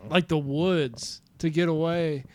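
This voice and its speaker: High-voiced man retelling movie scenes. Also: steady tone, slow, a little mellow, slight background noise. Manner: retells scenes in a loose, rambling way. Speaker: podcast co-host. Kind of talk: casual movie chat.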